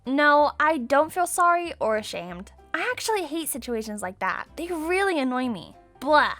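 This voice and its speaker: A young woman narrating her own animated story with a dramatic, exclamatory and sarcastic delivery. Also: sits high, moderate pace, faint music behind.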